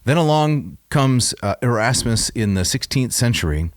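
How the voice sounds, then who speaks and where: A man co-hosting a podcast, explaining a text in a measured, scholarly way in casual discussion. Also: medium pitch, very animated, no echo, studio quality. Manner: measured, explanatory, reads out texts aloud. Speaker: podcast co-host.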